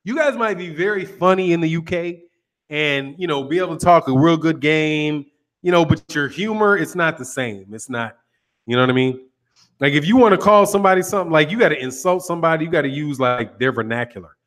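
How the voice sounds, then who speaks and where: A man's voice: on the high side, expressive, brisk, a bit bright. An American man hosting a boxing channel, ranting casually with a lot of swearing and laughter. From United States. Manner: profane, teasing, laughs often.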